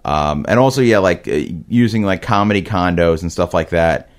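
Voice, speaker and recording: Low-voiced man with a New York accent. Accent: New York, Brooklyn-Queens. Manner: hesitant, halting with many fillers. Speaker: comedian guest. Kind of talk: casual chat.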